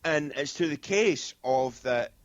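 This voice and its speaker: A man's voice: fairly high pitch, expressive, unhurried, dull audio. A Scottish man speaking as a guest medium in a casual interview, blunt and straightforward, rambling with lots of fillers. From Scotland.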